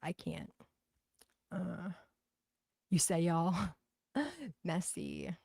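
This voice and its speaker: A woman's voice: fairly low pitch, sing-song, extremely slow, vocal fry, a little mellow, breathy edge, dry recording. A woman with a thick Boston accent chatting bluntly and profanely on a livestream, reading out comments. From Boston, USA. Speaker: livestream host.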